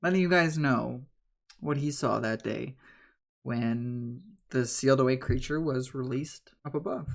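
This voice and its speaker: A man's voice: mid-range voice, measured pace, gravelly. A man narrating a tabletop game as its game master, loose and rambling with many fillers.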